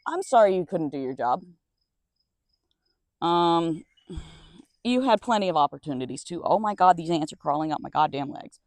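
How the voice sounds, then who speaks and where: Young adult vlogger outdoors, mid-pitched, blunt and sweary, casual storytime, dry close mic. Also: lively intonation, normal speed, long pauses, no echo. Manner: rambling and blunt, swears freely. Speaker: nursing assistant. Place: outdoors with crickets around.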